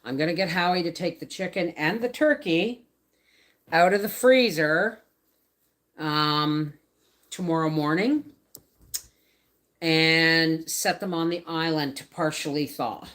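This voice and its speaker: A woman in her fifties from Canada talks through a home live stream in a low, unhurried voice. She rambles, reads the chat and answers viewers as she goes. She is picked up by a camera set across the room. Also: a bit bright. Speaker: homestead vlogger hosting a livestream. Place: home, by the laundry baskets.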